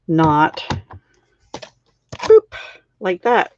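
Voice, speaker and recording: A middle-aged woman hosts a card-making live stream, chatting casually through the crafting demo and laughing often at her own slips. Her mid-range voice is sing-song and slow with long pauses, on a dull lo-fi recording with a little hiss or hum.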